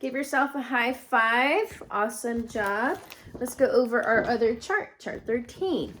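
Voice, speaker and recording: A woman teaching a first grade phonics lesson, drilling each sound slowly three times and encouraging the children. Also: on the high side, a bit bright, slight background noise. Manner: encouraging classroom talk.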